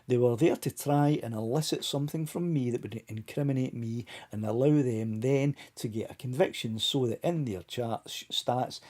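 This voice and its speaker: Man, live stream host, relaxed chatty delivery to his viewers, mellow husky tone. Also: medium pitch. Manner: chatty, talks straight to viewers by name. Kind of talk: casual live stream chat.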